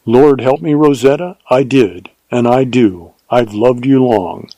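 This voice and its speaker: A male narrator giving voice to a devoted frontier ranger in a western audiobook, speaking in a quiet, earnest and steady way. His tone is mellow and warm. The recording is close and dry. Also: medium pitch, measured pace, no room sound. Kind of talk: audiobook character reading.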